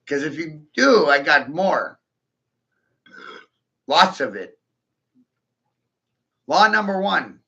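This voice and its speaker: A man's voice: fairly high pitch, gravelly, sharp tone. A man in a rambling monologue, boastful and taunting, swearing crudely and laughing often.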